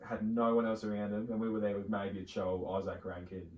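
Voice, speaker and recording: Rambling Australian bloke, roomy distant sound. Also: male voice, on the low side, fairly even intonation, fairly quick, a little mellow. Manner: rambling storyteller, many fillers and restarts. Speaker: podcast co-host. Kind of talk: casual chat.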